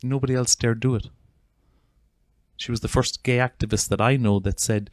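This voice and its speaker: A man's voice: medium pitch, fairly even intonation, moderate pace, pauses often, no echo. An Irish man, a psychotherapist, giving an earnest, heartfelt talk to an audience, with frequent restarts. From Ireland. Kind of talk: informal talk to an audience introducing a video.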